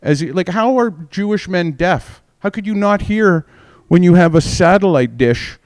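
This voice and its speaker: A man's voice: high voice, lively intonation, normal speed. A man in his forties doing a stand-up comedy set, rambling and profane, constantly mocking himself. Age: 40s.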